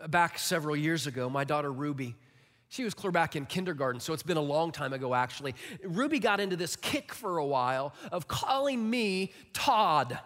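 A pastor in his forties preaching a sermon, animated and emphatic, acting out little stories. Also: a little high, moderate pace. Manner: animated, emphatic storytelling with acted-out quotes. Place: church auditorium. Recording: long reverb of a large hall.

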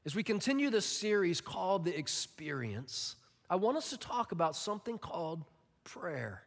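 A pastor in his forties preaching a sermon, animated and emphatic, acting out little stories. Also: sits high, normal speed. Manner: animated, emphatic storytelling with acted-out quotes. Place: church auditorium. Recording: long reverb of a large hall.

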